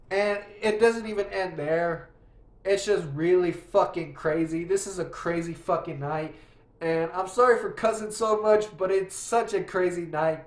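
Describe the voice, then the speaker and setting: A man's voice: high voice, normal speed, reverberant. A young man telling a story in a rambling, profane, casual way, often restarting his sentences while he plays a game. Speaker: vlogger.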